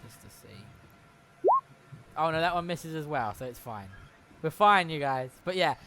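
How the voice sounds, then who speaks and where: A man runs a tabletop game in a loose, rambling way, often stopping to correct himself. His voice sits a little high for a man. A clear layer of noise runs under the recording. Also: lively intonation, moderate pace, bright, forceful tone. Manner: rambling, chatty, self-correcting. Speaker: game master. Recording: noisy recording.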